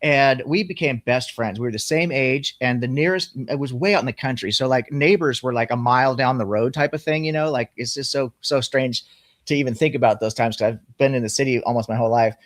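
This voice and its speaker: A man telling a personal story in casual, profane conversation, animated as he goes. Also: mid-range voice, a little fast, no echo, clean studio sound.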